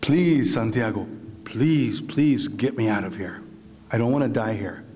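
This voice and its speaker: A man voicing an embittered, aging male prisoner who shouts insults and pleads, mixing Spanish slang into his speech. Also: on the low side, a little slow, long reverb tail, voice pushed down, natural voice. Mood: pleading.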